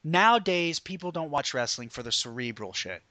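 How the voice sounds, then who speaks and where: A man hosting a podcast, ranting in a profane, animated, opinionated way. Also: a little high, moderate pace, dry recording. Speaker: podcast host. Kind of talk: casual podcast rant about wrestling.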